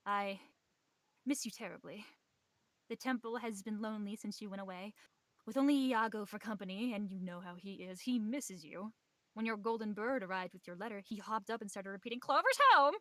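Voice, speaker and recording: A woman's voice: mid-range voice, fairly quick, no room sound, natural voice. Rambling old temple mentor, read plainly by a woman. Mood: tender. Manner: reads in plain own voice, warm and wistful. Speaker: game master reading a letter. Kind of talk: narrating a tabletop game.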